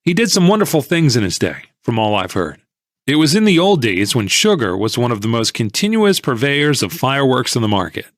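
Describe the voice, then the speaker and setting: A man narrating an audiobook in first person, measured and conversational. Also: mid-range voice, very animated, no echo, clean studio sound.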